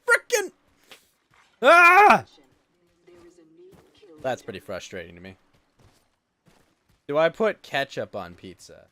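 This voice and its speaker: A man's voice: fairly low pitch, wildly swooping pitch, normal speed, pauses often, sharp tone. A man, ranting and swearing during a casual livestream chat while gaming. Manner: ranting, exasperated, swears freely. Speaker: streamer.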